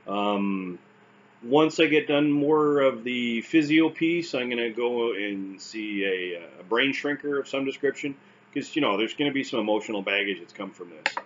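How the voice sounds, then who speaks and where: On a muffled recording with slight hiss or hum, a Canadian-accented vlogger describes his stroke recovery in a casual, wry, self-deprecating way, full of fillers and restarts. His voice is medium in pitch and expressive, at a moderate pace.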